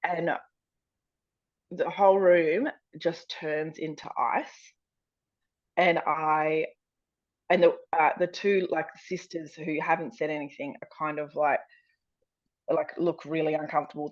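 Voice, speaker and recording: Aussie woman comic telling a story, lowish voice, acts out every quote, bit dull lo-fi sound. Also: no echo. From Australia. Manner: animated, acts out quotes with big pitch jumps, swears freely. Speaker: stand-up comedian, podcast guest. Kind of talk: storytelling, casual chat.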